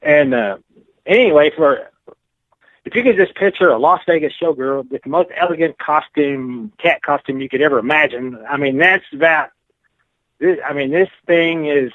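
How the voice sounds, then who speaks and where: A man's voice: fairly high pitch, normal speed, dry recording. A man from Texas, telling his story as an interview guest in a frank, rambling way, full of "you know". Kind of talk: casual storytelling. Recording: tinny phone line.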